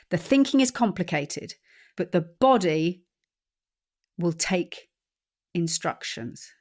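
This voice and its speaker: Female solo podcast host, slightly low register, calm deliberate coaching delivery. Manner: calm, deliberate coaching, often slowing and softening. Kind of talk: solo podcast talk on anxiety.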